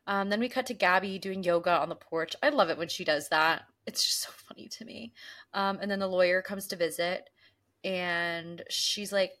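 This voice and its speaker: A young woman co-hosting a casual recap chat, talking through scenes and acting out lines in quick voices. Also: lowish voice, a bit bright. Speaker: podcast co-host.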